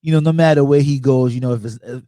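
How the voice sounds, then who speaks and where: A man's voice: medium pitch, fast, warm tone, no room sound. A man hosting a casual movie review chat, talking in an easygoing way and telling personal anecdotes. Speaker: host.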